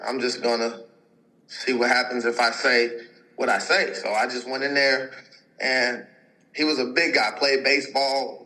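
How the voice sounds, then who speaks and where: This is a young man in his twenties with a forceful, bright tone, telling his story in a relaxed and casual way. He rambles, leans on filler words, and acts out what other people said to him. His pitch sits in the ordinary middle range for a man. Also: low-quality recording. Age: 20s. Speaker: podcast guest, pro football player.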